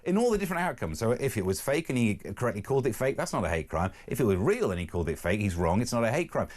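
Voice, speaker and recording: A male talk radio host in casual studio chat, sarcastic and opinionated. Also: medium pitch. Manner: animated, sarcastic, quick-talking.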